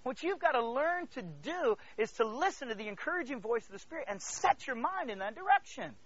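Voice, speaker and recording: A pastor with a high, bright voice delivers a sermon, shifting from hushed near-whispers to loud outbursts as he calls out to his listeners. The recording sounds dull and lo-fi. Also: big pitch swings, a little fast, breathy edge. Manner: storytelling, calls out to the congregation.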